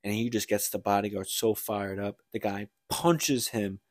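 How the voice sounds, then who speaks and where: A man's voice: on the low side, steady tone, moderate pace, no room sound, clean studio sound. A man co-hosting a casual book podcast, rambling through a story retelling with lots of "like" and restarts. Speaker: podcast co-host.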